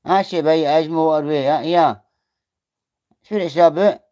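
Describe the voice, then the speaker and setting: Reading out his chat during a casual livestream, this middle-aged man with a Scottish accent replies bluntly and swears without holding back. He speaks at a normal speed in a warm voice pitched on the high side.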